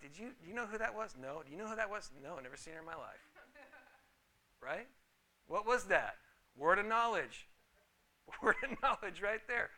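A man's voice: high-pitched, sharp tone, low-quality recording. A middle-aged man pastor giving a conversational sermon, telling personal stories and calling for amens. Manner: conversational, storytelling, calls for amens.

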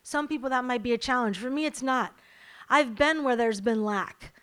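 A woman's voice: a little high, normal speed, a bit bright, clean tone. A woman preaching a sermon to a church congregation, emphatic and repeating her key lines, then leading a prayer.

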